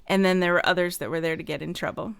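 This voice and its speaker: A woman's voice: fairly low pitch, steady tone, quick pace, vocal fry, clean tone, dry recording, clean studio sound. A woman hosting a podcast, chatty, laughing often and asking questions. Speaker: podcast host. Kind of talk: casual podcast conversation.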